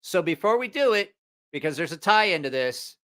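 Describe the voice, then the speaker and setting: A man's voice: a little high, sing-song, a little fast, a bit bright. A man hosting a live stream, telling a rambling, profane story in a casual way and laughing at his own jokes.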